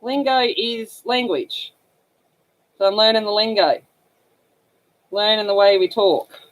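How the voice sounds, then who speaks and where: A woman's voice: medium pitch, fairly even intonation, takes it slowly, rough recording. A woman with an Australian accent, hosting a casual livestream and chatting to viewers about slang while she colors. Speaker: livestream host.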